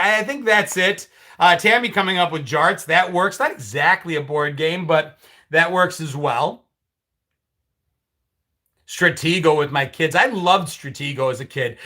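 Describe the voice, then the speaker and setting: A middle-aged man hosts a live stream in a loose, conversational way, reacting to viewer comments with dry, sarcastic asides. His voice sits high and sounds bright and forward, and he often restarts his sentences. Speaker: livestream host. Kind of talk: casual chat reading live comments.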